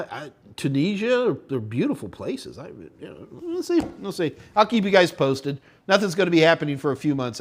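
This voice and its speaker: A man hosting a live tech question-and-answer stream, rambling casually and thinking out loud as he reads viewer chat. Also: a little high. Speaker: tech instructor and show host.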